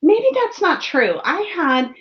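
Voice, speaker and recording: A woman's voice: sits high, very animated, slow pace, dull audio. A woman hosting a tarot livestream, chatting casually, greeting viewers by name and laughing often. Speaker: tarot channel host.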